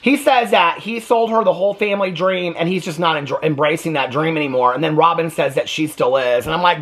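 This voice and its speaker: A man's voice: a little high, brisk, hardly any pauses, a bit bright. A man giving a casual, gossipy recap of a reality TV episode, exasperated and often mimicking the people he discusses. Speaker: TV recap commentator.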